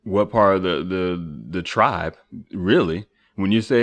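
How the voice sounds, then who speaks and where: A podcast host thinks out loud in a loose philosophical monologue. He keeps asking rhetorical questions and restarting his sentences. His pitch moves with a lively range. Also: measured pace.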